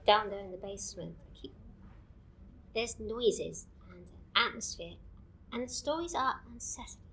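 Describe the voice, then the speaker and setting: A woman's voice: medium pitch, a little slow, gravelly, pushed and bright, echoey room, a little hiss or hum, poor audio. A woman playing a tired archivist who talks in a hesitant, uneasy way. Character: tired young woman archivist haunted by dreams. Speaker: archivist recording old stories.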